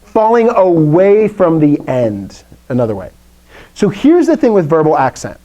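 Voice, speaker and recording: A man's voice: a little high, very animated, a little slow, mellow, muffled recording. A man teaching a Greek class, explaining rules playfully and asking his students questions. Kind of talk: live classroom lesson.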